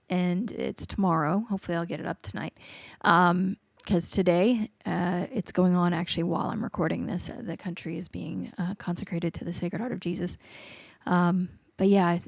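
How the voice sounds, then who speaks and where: A woman's voice: fairly low pitch, a little mellow, no echo. A woman in her forties hosting a faith podcast, telling a personal testimony in an earnest, emotional way that often sinks to a near whisper. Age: 40s. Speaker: podcast host.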